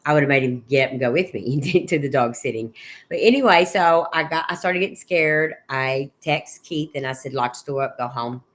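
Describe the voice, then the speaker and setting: A middle-aged bereaved mother, a guest on an interview podcast, gives a personal account of her son's final months. Her voice is extremely low, and she speaks haltingly, often restarting and quoting conversations she remembers.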